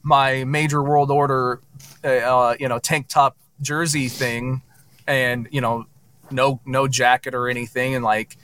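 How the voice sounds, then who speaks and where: A man's voice: medium pitch, unhurried, slight background noise. A man co-hosting a podcast, telling stories in casual chat and laughing often. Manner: animated storytelling, laughs often. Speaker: podcast co-host.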